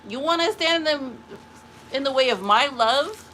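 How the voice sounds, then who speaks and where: A woman's voice: high voice, animated, moderate pace, pushed and bright, slight background noise, rough recording. A woman talking to camera in a spiritual vlog, taunting an unnamed rival and then chatting in a rambling way. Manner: rambling with restarts and laughs. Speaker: vlogger.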